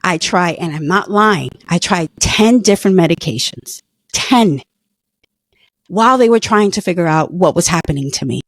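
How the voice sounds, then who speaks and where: A woman's voice: on the low side, lively intonation, brisk, hardly any pauses, no echo. A middle-aged woman earnestly telling a personal story in conversation, emotional at times. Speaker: guest, former patient.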